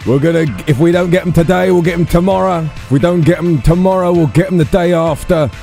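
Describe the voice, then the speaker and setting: A man voicing a loud, swaggering police officer with a Cockney accent, rallying his crew in role-play. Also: high-pitched, fast talker, gravelly, faint music behind, voice pushed up. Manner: rousing, brash, swearing.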